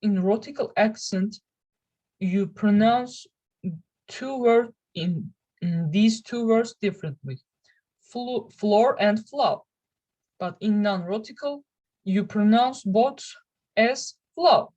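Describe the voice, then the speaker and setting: Young woman, Turkish native speaker, student presenter; slow, careful, stop-start delivery. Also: medium pitch, mellow, low-quality recording. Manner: careful, halting delivery with restarts. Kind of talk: reading a class presentation.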